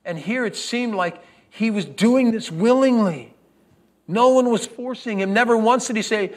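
An actor playing an earnest, grieving first-century lamb merchant in a dramatic first-person monologue, swinging from loud proclamation to hushed whispers. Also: male voice, sits high, moderate pace, lightly acted. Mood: urgent. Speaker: actor in a Bible character monologue.

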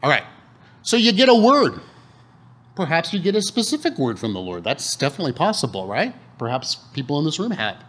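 A man's voice: on the high side, quick pace, hardly any pauses. A man preaching a sermon in a conversational way, often asking the congregation questions. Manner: animated, conversational, asks the room questions. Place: church hall.

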